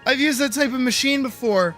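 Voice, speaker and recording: A man's voice: extremely high pitch, a little fast, fairly bright tone, soft background music. A young man streaming a video game, ranting in exasperation, swearing, and breaking into screams and laughter. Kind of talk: live gameplay commentary.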